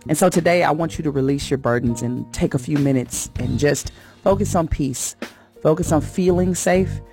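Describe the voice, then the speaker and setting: A woman with a deep voice speaks at a moderate pace as a radio host delivering a faith message, with faint music beneath her. Her inspirational talk is warm, earnest and preacherly, building in emphasis as she goes.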